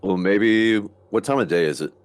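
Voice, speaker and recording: A man's voice: fairly low pitch, moderate pace, smooth. A man musing aloud as a player in a tabletop role-playing game. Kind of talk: casual tabletop game play.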